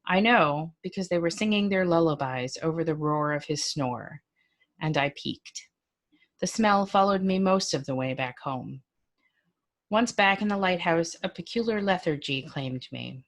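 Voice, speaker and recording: Low-voiced woman reading a story aloud. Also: lively intonation, unhurried. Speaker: children's librarian reading aloud.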